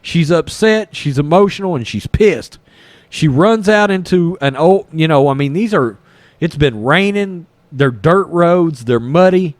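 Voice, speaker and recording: A man hosts a podcast, rambling through a movie plot in a casual, profane way. His voice sits a little high and swings widely in pitch as he gets into the story. The sound is dry and close, with no room around it. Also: unhurried, dry recording. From East Texas. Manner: rambling, animated, swears freely, acts out character lines. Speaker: podcast host reviewing a film.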